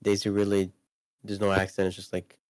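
A man's voice: deep voice, completely flat delivery, a little fast, a little mellow, dry recording. A man co-hosting a casual podcast chat about video games, rambling with lots of fillers and restarts. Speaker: podcast co-host.

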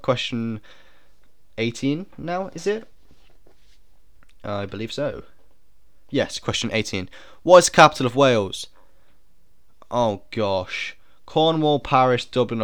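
A man's voice: mid-range voice, clean tone, dry recording, studio quality. A young man taking an online quiz on camera, thinking aloud, second-guessing himself and cracking puns. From United Kingdom. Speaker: video creator doing a quiz. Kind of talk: casual commentary while taking an online quiz.

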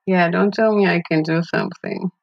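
A woman guest telling a story in a casual interview, animated, laughing often and restarting her sentences. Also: fairly low pitch, normal speed, creaky, dull audio. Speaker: podcast guest.

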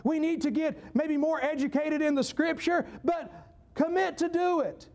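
A Southern US preacher with an unusually high voice for a man. He delivers his sermon in a folksy, emphatic way, hammering key phrases again and again and rising into shouts. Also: steady tone, normal speed.

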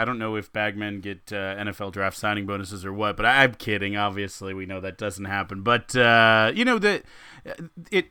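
A man's voice: fairly low pitch, bright, forceful tone, smooth, dry recording. A man hosting a podcast, joking lightly and stumbling a little as he builds long questions. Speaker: podcast host. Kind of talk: casual podcast chat.

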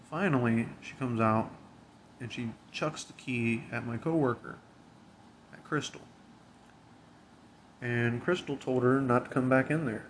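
A man's voice: medium pitch, measured pace, pauses often, a little hiss or hum. Blunt, profane man telling a story. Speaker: convenience store worker. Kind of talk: casual storytelling.

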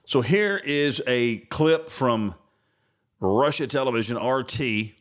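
A man's voice: mid-range voice, expressive, takes it slowly. A man hosting his own podcast, rambling through casual political commentary with a sarcastic, self-interrupting manner. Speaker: podcast host.

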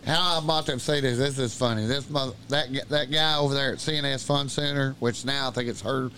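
A middle-aged man telling profane, animated stories on a podcast with plenty of laughing. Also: medium pitch, brisk, a little hiss or hum. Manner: animated, swearing, laughing storyteller. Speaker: podcast guest. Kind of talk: profane storytelling chat.

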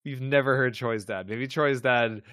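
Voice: medium pitch, fairly even intonation, unhurried, fairly bright tone, dry recording, clean studio sound. A podcast co-host in casual recap chat, joking, teasing and laughing a lot.

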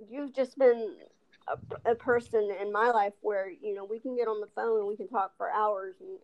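A young woman hosting a casual chat. She has a speech impediment and rambles, starting sentences over and over. Her voice sits at an ordinary middle pitch. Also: darkish tone, rough recording. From New Mexico, raised in Texas. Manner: rambling, with many restarts and laughs. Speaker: host.

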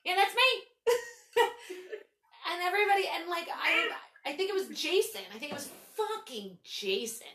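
A woman in her thirties hosting a podcast, telling stories in a casual, animated way, swearing freely and saying "like" a lot. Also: extremely high pitch, a little fast, hardly any pauses. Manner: animated, swearing, full of "like" fillers. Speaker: podcast host. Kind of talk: casual storytelling chat. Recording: roomy echo.

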